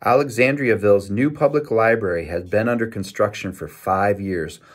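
A man reading a children's novel aloud in a lively storytelling manner, with small self-corrections. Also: on the low side, moderate pace. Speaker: reader.

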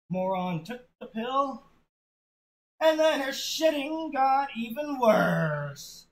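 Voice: medium pitch, animated, takes it slowly, fairly bright tone, rough recording. A storyteller giving an unpolished, crude, offhand telling of a joke story in a casual spoken way.

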